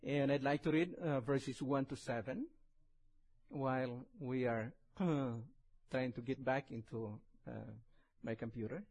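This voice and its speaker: A man with a strong Indonesian accent preaching in a church, chatting and joking before he reads scripture slowly. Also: medium pitch, darkish tone, low-quality recording. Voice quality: husky, heavily accented English. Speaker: visiting preacher. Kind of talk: sermon.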